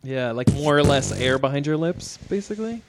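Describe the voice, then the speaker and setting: A man's voice: fairly high pitch, expressive, a little fast, music in the background. A man hosting a casual podcast chat, curious and asking questions.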